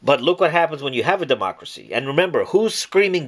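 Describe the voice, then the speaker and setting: A man teaching the Bible in a preachy monologue, repeating key words and slowing right down to stress them. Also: fairly high pitch, big pitch swings, a bit bright.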